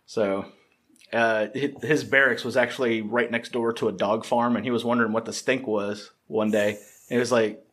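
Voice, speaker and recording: A man's voice: mid-range voice, steady tone, moderate pace, a bit bright. A man hosting a podcast from an apartment, chatting casually with a guest and laughing easily. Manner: easygoing, laughs often. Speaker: podcast host. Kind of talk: casual interview chat.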